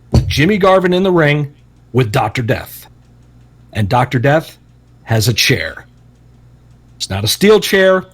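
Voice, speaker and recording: A man co-hosting a podcast, telling a long story in a casual, profane and animated way. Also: fairly high pitch. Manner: animated, profane, acts out quotes loudly. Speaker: podcast co-host.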